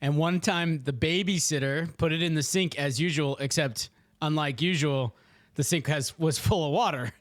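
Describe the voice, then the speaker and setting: A man's voice: a little high, moderate pace, no room sound. A middle-aged man co-hosting a casual comedy podcast, telling wry, dry-humored anecdotes. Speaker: podcast co-host.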